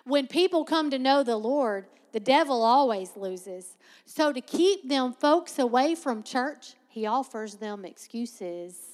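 A woman preaching a sermon, teaching with lively asides and frequent laughter. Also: high-pitched, takes it slowly, few pauses, big-room sound.

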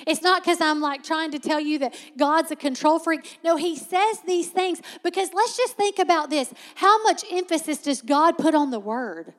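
A woman preaching a sermon as a Bible teacher, conversational but emphatic and slowing sharply to stress key words. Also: high-pitched, long reverb tail.

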